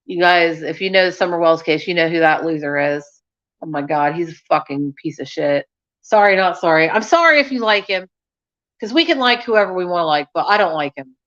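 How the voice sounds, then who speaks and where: A woman's voice: on the low side, brisk, a bit bright. Chatty, scattered woman streamer. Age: young adult. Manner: scattered, chatty, frank, laughs often. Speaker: YouTube channel host. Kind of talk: casual live-stream chat with viewers. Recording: dull lo-fi sound.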